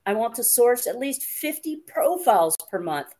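Chatty woman host, a bit high. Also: very animated, normal speed, dark tone. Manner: chatty, playful, reads comments aloud. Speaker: livestream host reading viewer comments. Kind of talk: casual chat.

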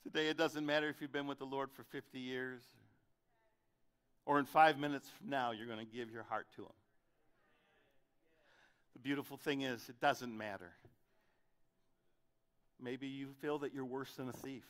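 Male pastor, bright and forceful tone, dramatic sermon delivery, loud peaks and quiet stretches. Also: normal speed, pauses often. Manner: dramatic, swings from loud questions to soft low delivery.

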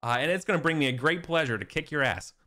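A man's voice: a little high, animated, fast, bright, forceful tone. A man doing a chipper boastful knight Gawain. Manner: cheery, rambling storyteller. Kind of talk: tabletop game role-play.

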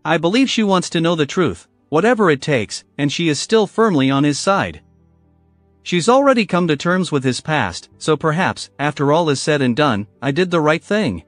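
A man narrating a first-person story in a scripted, measured storytelling manner. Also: on the high side, sing-song, no echo, soft background music.

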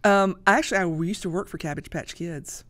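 A woman guest on a podcast, talking in a casual, halting way with many restarts. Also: on the low side, heavy background noise. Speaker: guest, social media creator. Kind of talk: casual interview talk.

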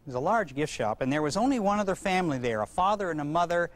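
A man's voice: fairly high pitch, quick pace. A man giving a parenting lecture, telling folksy stories and acting out the voices. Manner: folksy, animated storyteller who acts out voices. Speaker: parenting seminar speaker. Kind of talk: lecture with anecdotes.

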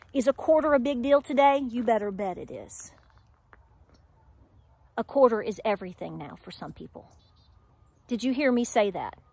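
A middle-aged woman with an Appalachian accent holds forth to her audience, firing off rhetorical questions and driving her points home with insistent repetition. Her voice sits high, and the recording is close and dry, with no room sound around her. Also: no room sound. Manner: preachy, emphatic, rhetorical questions to viewers. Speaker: homestead vlogger. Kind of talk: candid talk to camera.

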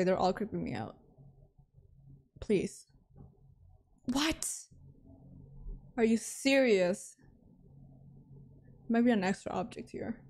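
Slow-talking woman reacting to a horror game. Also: on the high side, a little mellow. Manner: jumpy, dramatic reactions with frequent laughs; talks to chat. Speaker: streamer. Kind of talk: live game commentary.

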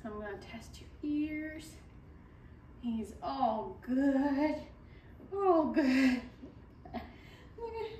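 A dog breeder with a high-pitched yet dark-toned voice talks through a puppy's temperament test, speaking animatedly but very slowly with frequent pauses and cooing baby talk at the pup. It's casual commentary while she handles the puppy, recorded from a distance in an echoey room with slight background noise.

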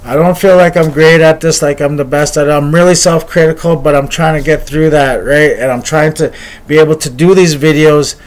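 An earnest man with a somewhat higher voice than most men, telling a personal story in a video. He speaks in encouraging, repeated phrases. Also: steady tone, brisk. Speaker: motivational speaker.

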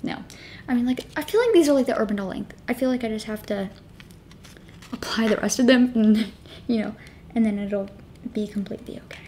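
Chatty higher-voiced woman vlogger. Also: animated, fairly quick, long pauses, dark tone, slight background noise. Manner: chatty, filler-heavy, self-dramatizing; drops to a whisper while concentrating. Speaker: beauty vlogger. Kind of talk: casual product tutorial chat.

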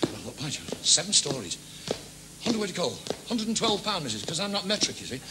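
Liverpool man doing stand-up, high voice, bouncing pitch, noisy stage recording. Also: big pitch swings. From England. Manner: quick gag delivery with sudden shouted character voices. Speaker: stand-up comedian. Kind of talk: stand-up comedy routine.

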